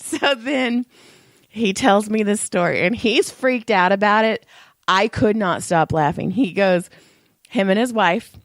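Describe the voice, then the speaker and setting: A woman's voice: mid-range voice, dry recording, studio quality. A young adult woman telling stories in casual chat, laughing often, her vocal cords strained. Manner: chatty storyteller, laughs often. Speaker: podcast co-host.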